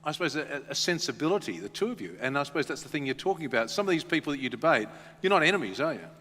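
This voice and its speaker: Bright-voiced male moderator. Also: on the high side, very animated, very fast, in a large hall. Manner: conversational, anecdotal questioning. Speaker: radio host moderating. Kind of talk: stage interview.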